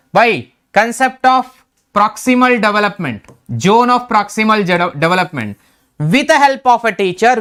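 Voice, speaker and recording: A man's voice: high voice, fairly bright tone, clean tone. A man teaching an exam revision lecture in Indian English, repeating key terms and checking in with "right?".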